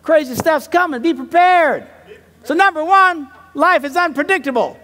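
A man who is a pastor and comedian, telling comic stories in a sermon, dropping to mumbled asides and jumping to loud punchlines, laughing at his own jokes. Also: extremely high pitch, normal speed, slight background noise.

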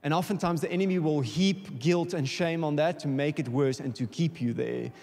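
A South African man preaches with an impassioned drive, his voice sitting a little high for a man. He calls out to the congregation and repeats words as he gathers steam. A long reverb from the church hall trails every line. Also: normal speed, vocal fry, a little mellow. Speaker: guest preacher. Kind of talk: sermon.

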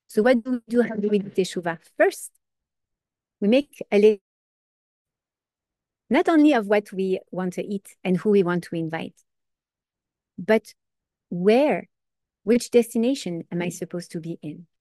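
A woman giving an informal Torah class, earnest and lively, asking questions and answering them herself. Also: mid-range voice, normal speed, pauses often, dry recording, clean studio sound. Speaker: Torah teacher.

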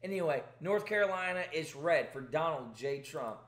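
Male commentary host, emphatic and exasperated, high-pitched, echoey room. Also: lively intonation, normal speed, a bit bright. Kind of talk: ranting commentary.

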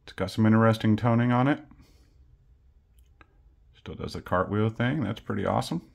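Man, low voice, relaxed chatty coin-vlog host, pokes fun at himself. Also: moderate pace, creaky. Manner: easygoing, chatty, self-deprecating. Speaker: coin collecting channel host. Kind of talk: casual unboxing vlog.

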